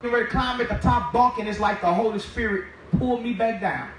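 A man giving a spoken testimony as a minister, telling his story in a lively way and acting out the dialogue. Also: very high-pitched, brisk, noisy background. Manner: animated storytelling, acts out dialogue. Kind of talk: testimony sermon. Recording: very echoey, distant from the mic.

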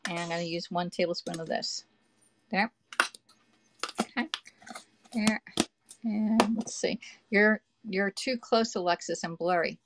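A woman's voice: mid-range voice, unhurried, pauses often. A woman, hosting a live cooking stream from her home kitchen, chatting with viewers and reading their comments aloud. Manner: chatty, reads viewer comments aloud, talks to the audience with "y'all" and "okay".

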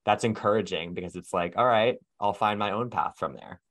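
Low-voiced, easygoing male interviewer. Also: a bit bright. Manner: easygoing, affirming, quick to agree. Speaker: interviewer, podcast host. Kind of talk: casual interview chat.

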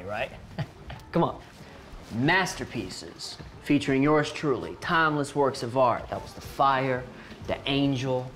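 An actor playing a boastful, friendly young rapper who talks in laid-back slang. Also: male voice, a little high, a bit bright. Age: young adult. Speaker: rapper, landlord.

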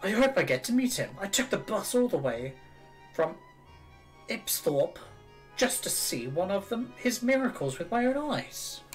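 A man's voice: high voice, very animated, measured pace, faint music behind, pitched above the performer's own voice, rough recording. A man doing a gushing, bubbly lady fan. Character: gushing excitable middle-aged woman fan.

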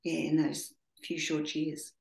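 Woman telling animated stories, echoey room. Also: deep voice, unhurried, gravelly. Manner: animated storytelling with acted-out quotes. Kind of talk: casual group conversation.

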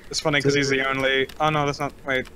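A young man in a casual group chat, joking and rambling through his stories. His voice has a bright, forward edge, with faint hiss in the background. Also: mid-range voice, little pitch movement, quick pace. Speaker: stream guest.

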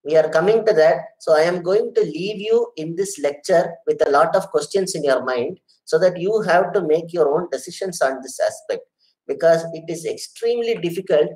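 A man's voice: a little high, moderate pace, darkish tone, poor audio. Earnest man giving an online lecture. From India. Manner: earnest, repeats phrases, addresses listeners as sir and madam. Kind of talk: online lecture with audience questions.

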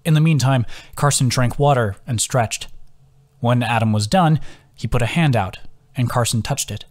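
Man calmly narrating an audiobook. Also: mid-range voice, normal speed, dry recording. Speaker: author reading his own audiobook.

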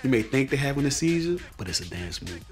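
A man's voice: mid-range voice, big pitch swings, quick pace. Laid-back man. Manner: laid-back slangy storytelling. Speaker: internet comedian. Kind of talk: casual storytelling interview. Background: music.

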